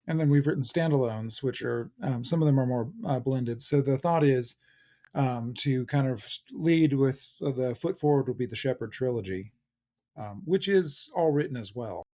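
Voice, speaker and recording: A man's voice: mid-range voice, moderate pace, mellow. Rambling man, guest author. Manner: rambling, many fillers and restarts. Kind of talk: casual interview chat.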